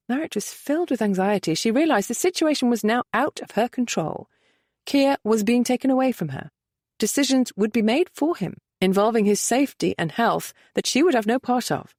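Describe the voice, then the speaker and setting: A woman reading a novel aloud with expressive, varied narration. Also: fairly high pitch, normal speed, dry recording, clean studio sound. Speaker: audiobook narrator. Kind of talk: scripted narration.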